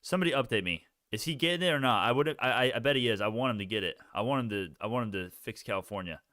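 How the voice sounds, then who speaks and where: A man's voice: medium pitch, rapid-fire, bright, forceful tone, no echo, studio quality. A young man hosting a casual stock live stream, rambling, reading the chat and restarting sentences.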